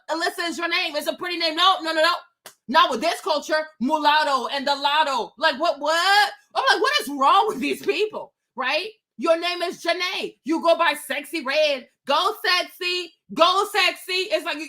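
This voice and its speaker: A woman hosts a livestream outdoors, her voice high and bright. She talks in an emphatic, opinionated way and circles back to the same rhetorical questions again and again. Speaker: livestream host.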